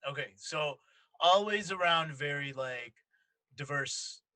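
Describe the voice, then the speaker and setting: A man's voice: on the high side, takes it slowly, sharp tone, no room sound. A man in his thirties from New York hosting a podcast, asking curious questions and laughing easily. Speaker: podcast host. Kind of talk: casual interview chat.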